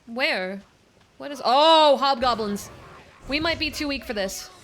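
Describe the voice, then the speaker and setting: A woman's voice: sits high, lively intonation, measured pace, a bit bright, a little hiss or hum. A young woman livestreaming a video game, giving playful, teasing running commentary to her chat and her in-game companion. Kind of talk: casual gameplay commentary.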